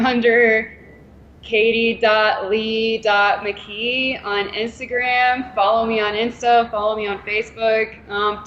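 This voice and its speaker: A woman guest, a pickleball player and coach, chatting casually and laughing often; she calls her own voice monotone. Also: on the high side, muffled recording, a little hiss or hum. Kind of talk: casual interview chat.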